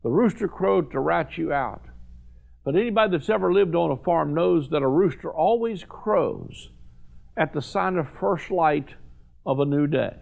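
A man's voice: on the high side, normal speed, gravelly, narrow, tinny audio. A man preaching a sermon to viewers, fervent and emphatic, repeating phrases for stress. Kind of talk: televised sermon.

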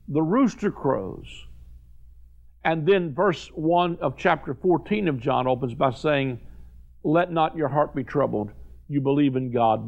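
A man's voice: a little high, creaky, dull audio. A man preaching a sermon to viewers, fervent and emphatic, repeating phrases for stress. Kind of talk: televised sermon.

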